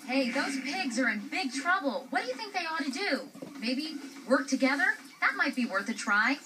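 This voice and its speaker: A woman's voice: sits high, big pitch swings, normal speed, distant mic, noisy background. A woman voicing a friendly female kitty hosting a children's puppet show, eager and coaxing. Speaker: host.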